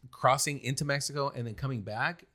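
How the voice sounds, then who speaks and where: A man's voice: medium pitch, fairly quick, pushed and bright. A man hosting a podcast, telling a travel story in casual chat with lots of ums and laughs. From United States. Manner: rambling, many ums and laughs. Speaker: podcast host.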